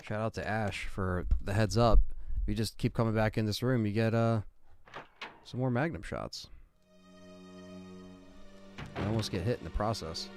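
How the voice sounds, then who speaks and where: A man's voice: fairly low pitch, normal speed, pauses often, darkish tone. A young man streaming a video game live, swearing freely and ranting to his chat in exasperation. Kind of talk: live gameplay stream commentary. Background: faint game music.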